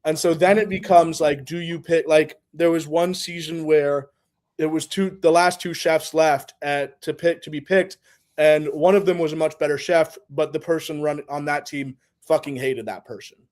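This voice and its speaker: A man's voice: fairly high pitch, steady tone, moderate pace, a little mellow. A man explaining things loosely in casual podcast chat, rambling with lots of fillers and the odd swear word.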